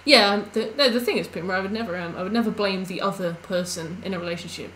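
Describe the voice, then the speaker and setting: A woman's voice: medium pitch, fast talker, hardly any pauses, a bit bright, slight background noise, poor audio. Chatty woman streaming a game. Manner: rambling, chatty storytelling with many fillers. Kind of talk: casual live-stream chat while gaming.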